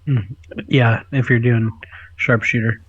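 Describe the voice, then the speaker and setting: A man's voice: mid-range voice, little pitch movement, slow, husky, highs cut off. A man playing a tabletop game, making dry jokes between rolls. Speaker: player. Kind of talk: casual tabletop game chat.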